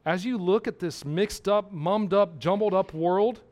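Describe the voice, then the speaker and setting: Male preacher, high voice, emphatic sermon delivery with repeated points and questions to the congregation. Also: measured pace, darkish tone.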